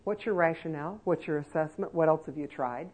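A woman speaker voicing a meek, mild-mannered male administrator laying down rules quietly but firmly. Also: deep voice, brisk, voice pushed down.

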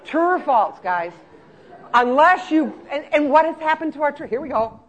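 A trainer giving a lively, joking talk to care-home staff, acting out scenes as they speak. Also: sits high, normal speed.

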